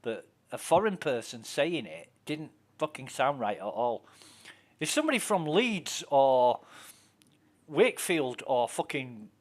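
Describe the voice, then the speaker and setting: A man's voice: medium pitch, big pitch swings, measured pace. A man with a Yorkshire accent chatting casually while streaming a game, telling rambling stories and swearing often. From Yorkshire, England. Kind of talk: casual chat while gaming.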